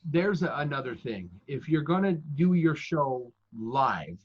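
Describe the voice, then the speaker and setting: Husky-voiced man with dull lo-fi audio. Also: fairly high pitch, sing-song, measured pace. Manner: chatty, self-deprecating. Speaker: professional dungeon master guest. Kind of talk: casual advice-giving conversation.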